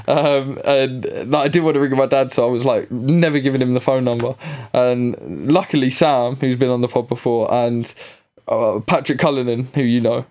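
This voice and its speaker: Young man telling a lively story. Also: medium pitch, normal speed. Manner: animated storyteller, laughing, slangy, acts out voices. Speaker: podcast host. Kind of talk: casual storytelling chat.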